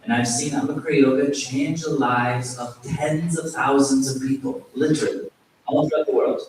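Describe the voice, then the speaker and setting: A man, a yoga teacher, giving a temple talk as an animated, self-deprecating storyteller, recorded in a very echoey hall from a distant mic with faint hiss. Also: medium pitch, normal speed. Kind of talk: sermon with storytelling.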